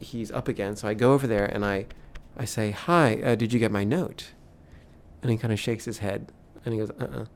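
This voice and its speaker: A man casually telling a personal story, halting and self-deprecating, stammering when he gets nervous. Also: mid-range voice, darkish tone, a little hiss or hum.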